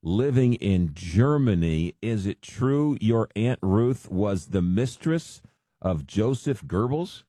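A man's voice: fairly low pitch, animated, slow pace, warm tone, no room sound, clean studio sound. A male interviewer asking direct questions and recapping the guest's story.

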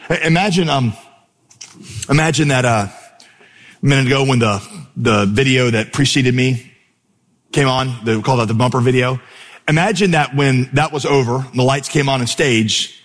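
A man preaching a sermon from a church stage, conversational and animated as he tells stories. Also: medium pitch, brisk. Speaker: pastor. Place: church stage before a congregation. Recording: live sermon in a reverberant hall.

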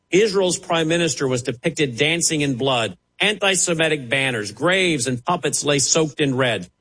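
A man delivering a televised sermon, his husky voice sitting a little high. He preaches with passion, his pitch swooping widely between sharp rises and sudden low drops. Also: rough recording. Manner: impassioned, dramatic rises and drops.

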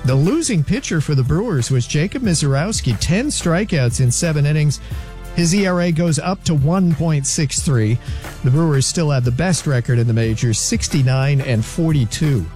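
A man with a slightly high voice reads a sports news update in a brisk, fact-by-fact manner. He moves steadily through scores and stats, and faint music plays underneath him. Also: expressive, dark tone.

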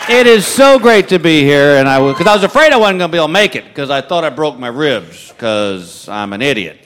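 High-voiced comic before a big crowd. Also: male voice, sing-song, fairly quick. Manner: self-mocking storyteller, laughing at his own jokes. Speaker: stand-up comedian. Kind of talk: stand-up comedy routine. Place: large venue with a live audience. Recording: live crowd noise, loud ambience.

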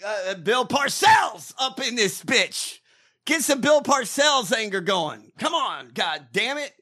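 A man rants about politics in a casual chat, swearing freely. His voice is high and lively, and it has a bright, forceful edge. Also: takes it slowly. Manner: animated, cursing, ranting. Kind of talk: casual profane political rant.

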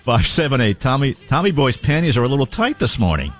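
A man's voice: mid-range voice, sing-song, a little fast, fairly bright tone, faint music behind. A man hosting a talk radio show, reading listener texts aloud and teasing his co-host in a playful, mimicking way. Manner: teasing, sing-song mimicry.

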